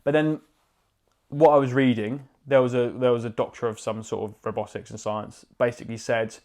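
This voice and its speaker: A man's voice: mid-range voice, steady tone, brisk, a little mellow. A man co-hosting a podcast, casual chat, joking and swearing as he acts out voices. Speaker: podcast co-host.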